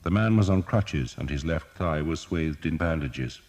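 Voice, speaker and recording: A man narrating an audiobook in a measured, even storytelling manner. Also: a bass voice, big-room sound. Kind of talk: scripted narration.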